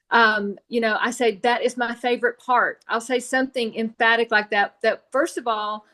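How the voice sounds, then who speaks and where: A woman's voice: on the high side, a bit bright. A woman who leads a sales team, sharing her experience in a group call in a reflective, storytelling way with frequent fillers. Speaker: direct sales team leader.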